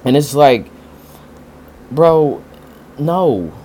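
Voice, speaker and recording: A man's voice: fairly high pitch, expressive, extremely slow, warm tone, slight background noise. A man giving a casual, profane commentary rant, incredulous and rambling with lots of fillers. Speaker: commentary vlogger. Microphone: desk mic near a fan.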